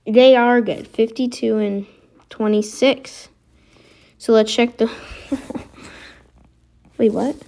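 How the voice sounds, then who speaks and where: A woman giving casual, excitable commentary while playing a basketball video game, reacting aloud as she goes. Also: on the high side, drawn-out words, pauses often. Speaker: gaming video creator.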